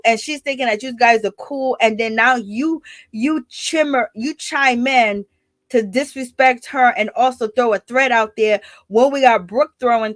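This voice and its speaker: A woman's voice: fairly high pitch, no echo. Sassy woman dishing reality TV gossip. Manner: sassy, conversational, calls listeners girl and baby. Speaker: reality TV recap commentator. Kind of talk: casual gossip commentary.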